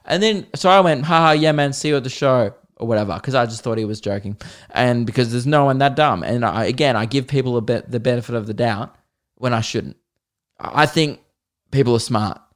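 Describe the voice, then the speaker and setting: Brief: young Australian man, solo comedy podcast host, worked-up exasperated rant, mid-pitched voice. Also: brisk. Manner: animated, exasperated ranting with swearing.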